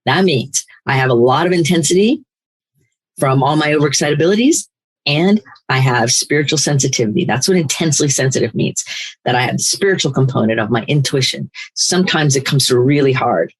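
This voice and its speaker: An older woman hosting a recovery podcast, speaking in a firm, emphatic, animated motivational way. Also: extremely low pitch, a little fast, slightly rough, rough recording. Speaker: podcast host, recovery coach. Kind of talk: motivational talk.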